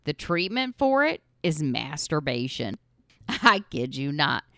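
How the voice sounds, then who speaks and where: A woman's voice: deep voice, sing-song, takes it slowly, fairly bright tone, dry recording, studio quality. A woman in her forties hosting a podcast, telling crude comic stories and laughing often. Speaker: podcast host. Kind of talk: casual comedic storytelling.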